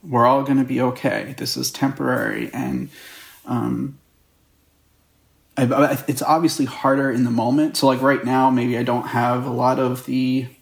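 Gravelly man in an echoey room. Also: mid-range voice, little pitch movement. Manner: open, halting, reflective. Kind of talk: casual conversation.

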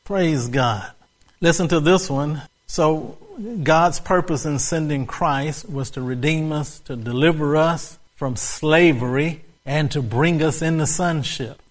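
A man's voice: a little high, slow. A male pastor preaching a sermon, repeating key words with emphasis and breaking into laughter. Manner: repetitive, emphatic, bursts into laughter.

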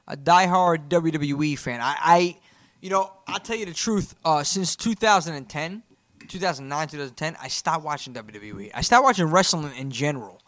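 Brash new york guy, high voice. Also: no echo. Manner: profane, rambling, excitable. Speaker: wrestling podcast co-host. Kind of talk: casual podcast banter.

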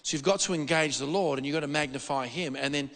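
A man preaching a sermon in a church hall, animated and repetitive, often restarting his sentences. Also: fairly high pitch, quick pace. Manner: animated, repetitive, excitable delivery with frequent restarts. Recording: long reverb of a hall.

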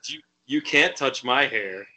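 A man co-hosting a podcast, animated and stammering, with loud outbursts. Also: medium pitch, measured pace, slight background noise, poor audio. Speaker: podcast co-host. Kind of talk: casual chat.

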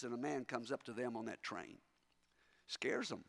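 A man's voice: medium pitch, normal speed, gravelly, a bit bright. A man preaching as a missionary speaker, telling a story in a storytelling sermon, emphatic and repeating words as he starts his sentences.

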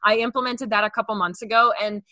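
A woman's voice: on the high side, fairly even intonation, fast talker, sharp tone, no room sound, clean studio sound. A young adult woman hosting a podcast, chatting casually and filling her talk with "like.". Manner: chatty, heavy use of filler words. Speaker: podcast host.

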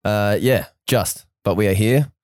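Low voiced guy playing a tabletop game, jokey, dry close sound. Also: a little slow, a little mellow, no room sound. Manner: jokey, laughs often. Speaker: player.

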